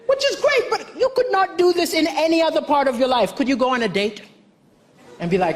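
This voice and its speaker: A man from Malawi doing a stand-up comedy set on a television stage, deadpan and self-mocking with bursts of mock shouting. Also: extremely high pitch, fairly quick. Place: television stage before a live audience. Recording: noisy live stage with audience laughter.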